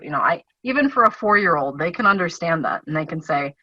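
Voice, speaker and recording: A woman's voice: lowish voice, animated, fast talker, few pauses, bright, forceful tone, no echo. A woman talking as a podcast guest about reading with her children, chatty and laughing between her points. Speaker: guest, homeschooling mother. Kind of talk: casual podcast chat. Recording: dull lo-fi podcast audio.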